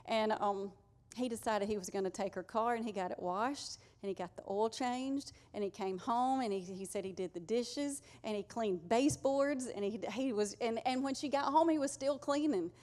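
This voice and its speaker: A woman's voice: fairly high pitch, moderate pace, a little mellow. A woman preaching a conversational, earnest sermon to her congregation. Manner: conversational, earnest, uses y'all.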